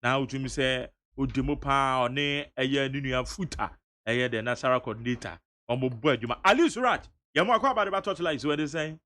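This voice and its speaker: A man with a Ghanaian accent hosting a radio talk show, lively and mixing Twi with English. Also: medium pitch, fairly quick. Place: radio studio.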